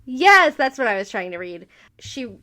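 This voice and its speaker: A woman's voice: on the high side, very animated, moderate pace, bright, forceful tone. A woman co-hosting a podcast, explaining plot points in a casual, engaged way. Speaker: podcast co-host. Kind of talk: casual recap chat.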